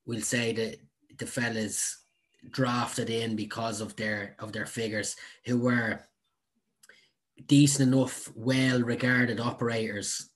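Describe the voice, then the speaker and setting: Husky co-host. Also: male voice, medium pitch, fairly even intonation, slow pace. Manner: earnest, stumbling restarts. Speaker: podcast co-host. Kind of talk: casual film-review chat.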